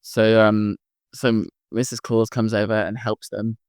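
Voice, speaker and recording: A father narrating an improvised bedtime story in a playful, animated way. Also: lowish voice, a little slow, clear, resonant tone, no echo, clean studio sound.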